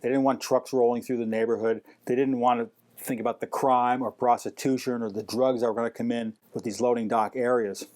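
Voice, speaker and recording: A man telling animated anecdotes in an interview, mimicking the people he quotes. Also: mid-range voice, brisk. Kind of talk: storytelling interview.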